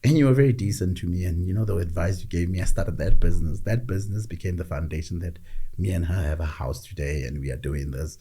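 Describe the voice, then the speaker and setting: A middle-aged man telling stories in a reflective conversation, measured and often repeating words as he gathers his thoughts. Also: low voice, dark tone, husky. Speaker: podcast guest.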